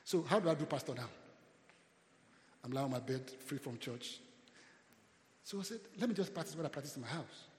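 Nigerian pastor preaching in an echoey hall. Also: male voice, mid-range voice, lively intonation, fairly quick, pauses often, a little hiss or hum. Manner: preaching with call-and-response, loud swells. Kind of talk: sermon.

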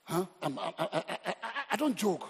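A man's voice: high-pitched, a little fast, breathy edge. A middle-aged Nigerian man preaching a humorous, exhorting sermon as pastor. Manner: animated, humorous, exhorting the crowd. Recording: reverberant hall.

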